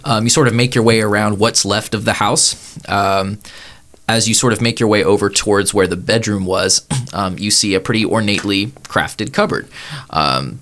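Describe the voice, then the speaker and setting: Bright-voiced man running a tabletop game. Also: fairly low pitch, normal speed, a little hiss or hum. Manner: laid-back narration with many "um"s. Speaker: game master.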